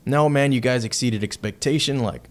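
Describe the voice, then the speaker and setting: A man from Texas in his thirties or younger, a heavy metal band member, chatting as a podcast guest. His voice sits at an ordinary middle pitch, and he tells his story in a loose, excitable way, swearing freely as he goes. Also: normal speed. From Texas, United States. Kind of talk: casual storytelling chat.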